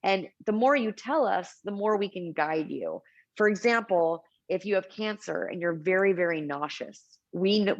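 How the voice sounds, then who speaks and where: A woman's voice: lowish voice, no echo, highs cut off. A middle-aged woman, a cannabis advocate, telling stories in an interview and acting out what people said. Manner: animated, acts out quotes in anecdotes. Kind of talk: storytelling interview chat.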